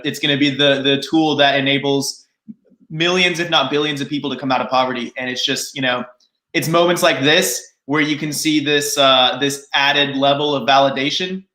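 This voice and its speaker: A man's voice: mid-range voice, fairly even intonation, fairly quick, sharp tone. A man speaking as a panel guest, earnest and evangelizing. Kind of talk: casual panel chat. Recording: echoey room.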